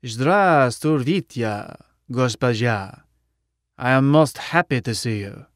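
A formal, courteous gentleman voiced by a male narrator, speaking slowly with careful, polite phrasing at a middle pitch. The recording is dry and close, as in an audiobook. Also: dry recording, lightly acted. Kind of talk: audiobook character voice.

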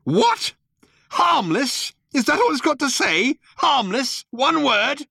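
Man doing a shrill panicky guy, keeps squawking in disbelief, bone-dry recording. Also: very animated, takes it slowly, gravelly, pushed and bright, no room sound, full character voice. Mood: outraged. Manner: shrill, exasperated outbursts. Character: panicky, indignant young-ish Englishman Arthur.

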